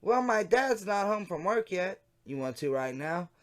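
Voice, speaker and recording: Man doing a chirpy teen girl falsetto. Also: sing-song, measured pace. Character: chatty teenage girl in online chat.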